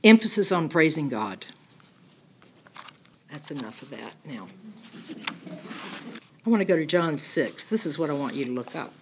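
A middle-aged woman teaching a Bible study in an animated, emphatic, conversational way, often checking in with "okay?". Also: low voice, normal speed, pauses often, a little hiss or hum.

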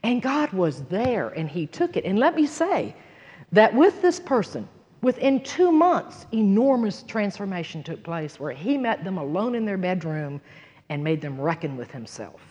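A woman teaching a sermon, earnest and emphatic, moving between loud conviction and hushed personal storytelling. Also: mid-range voice, very animated, moderate pace, breathy edge, big-room sound, lo-fi sound. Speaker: Bible teacher.

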